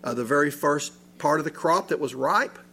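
A man's voice: a little high, normal speed, bright, forceful tone, husky. A man preaching a sermon in a church, reading scripture and asking his listeners rhetorical questions with rising emphasis. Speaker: pastor.

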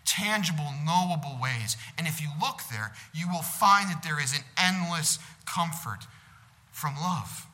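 A man preaching a sermon in a bright, cutting voice that sits a little high for a man. He is earnest, rising to loud peaks and sinking to quiet stretches. The sound rings out with a long hall echo. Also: lively intonation, a little slow. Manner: earnest preaching, swells louder on God's love and drops soft on comfort. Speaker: pastor. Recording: echoing hall.

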